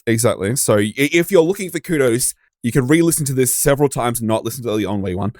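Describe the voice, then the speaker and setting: Sweary podcast host. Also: male voice, mid-range voice, lively intonation, fast talker, a little mellow, dry recording, clean studio sound. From Australia. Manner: enthusiastic, sweary, plugs episodes. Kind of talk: casual chat.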